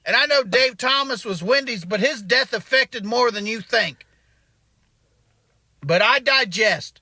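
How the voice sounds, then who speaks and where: A man's voice: extremely high pitch, measured pace, bright, forceful tone, no echo, full character voice. A comedian playing an indignant man ranting about a restaurant. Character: angry Southern male restaurant regular. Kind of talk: comic monologue.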